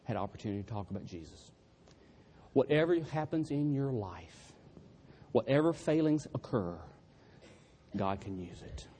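A man's voice: medium pitch, expressive, normal speed, dark tone, slight background noise. A man preaching a sermon through humorous, self-deprecating storytelling.

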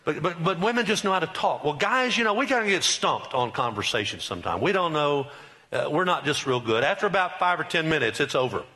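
Middle-aged male pastor, bright voice, folksy emphatic sermon with crowd calls. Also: on the high side, animated, a little fast. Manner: folksy, joking, emphatic preaching with audience call-and-response.

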